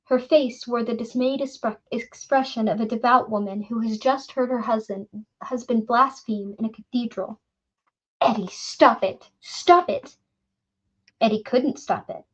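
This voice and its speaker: Brief: female audiobook narrator, fairly high voice, dull muffled recording. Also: fairly even intonation, moderate pace.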